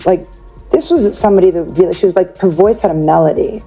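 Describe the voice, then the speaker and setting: A woman's voice: on the low side, quick pace, warm tone, husky, faint music behind. A woman guest in an interview, telling a personal story in a chatty way, full of "like" and acted-out quotes. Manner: chatty, peppered with "like", acts out quoted speech.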